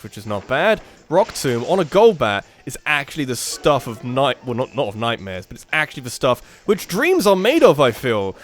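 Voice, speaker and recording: A man rambling through gameplay commentary, thinking aloud and giving opinions. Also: a little high. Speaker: let's play commentator.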